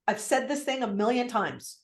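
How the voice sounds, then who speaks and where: A woman's voice: fairly high pitch, normal speed, reverberant. A woman real estate coach teaching on a video call, talking with energy and acting out client replies. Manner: energetic, animated, acts out client lines.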